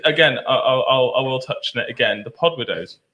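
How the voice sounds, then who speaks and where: A man's voice: mid-range voice, brisk, bright, forceful tone, reverberant, a little hiss or hum. A man co-hosting a live charity podcast, joking and telling stories. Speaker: podcast co-host.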